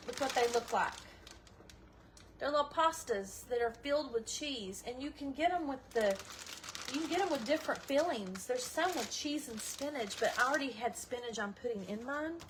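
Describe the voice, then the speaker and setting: A middle-aged cooking vlogger chats folksily to viewers while cooking in her home kitchen during a casual livestream. Her voice is fairly high, expressive, and moderately paced, with audible background noise in the recording.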